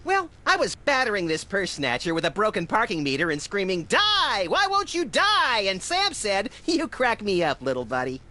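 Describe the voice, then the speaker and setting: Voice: medium pitch, a little fast, few pauses. A manic little rabbit-like creature. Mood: gleeful. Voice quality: excitable, gleefully unhinged. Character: manic, gleefully violent male cartoon rabbit-like creature.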